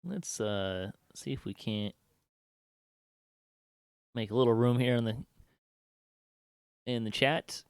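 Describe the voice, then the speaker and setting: A man running a tabletop game as game master, thinking aloud as he goes, with lots of fillers. His voice is smooth and clear and sits at an ordinary pitch. The sound is dry and close. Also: slow, long pauses, darkish tone, no room sound.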